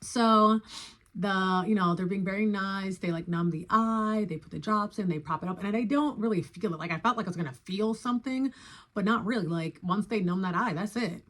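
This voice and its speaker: A young adult woman telling a story in a casual, chatty way, acting out her own reactions with sudden high exclamations. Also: moderate pace. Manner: animated, acts out her own reactions with big jumps in pitch; chatty and loose, full of "like" and "y'all".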